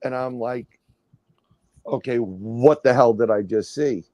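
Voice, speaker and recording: A man's voice: mid-range voice, slow, no room sound. A middle-aged man telling a story casually on a livestream, rambling with restarts and acting out what people said. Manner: rambling, animated storytelling with restarts and acted-out quotes. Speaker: guest, paranormal researcher.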